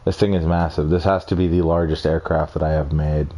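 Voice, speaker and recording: Speaking a little fast in a rumbling low, warm, level voice, a young man casually tours his game builds on a screen recording with a little hiss or hum. He rambles, swears freely and disparages his own work.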